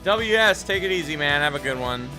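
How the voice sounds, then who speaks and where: A man's voice: on the high side, expressive, brisk, music in the background. A young man chatting casually on a live game stream, rambling, self-critical and swearing often.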